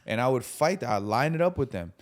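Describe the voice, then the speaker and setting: A man's voice: medium pitch, a little fast. A man in casual conversation about faith, telling stories with animation and acting out the voices of people in them. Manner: animated storyteller, acts out voices in anecdotes.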